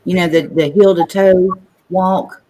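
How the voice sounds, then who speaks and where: A woman's voice: on the low side, steady tone, a little slow, mellow. A woman chatting casually on her painting livestream, open and talkative, with a slight stutter at times.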